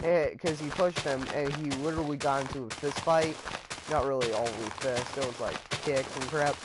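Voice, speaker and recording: A man's voice: mid-range voice, normal speed, background noise. A man casually telling a story about his friends in a rambling vlog, trailing off with fillers.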